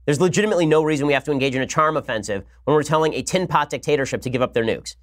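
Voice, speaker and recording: A man hosting a political podcast, giving rapid, argumentative commentary with emphatic points. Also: on the high side. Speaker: podcast host.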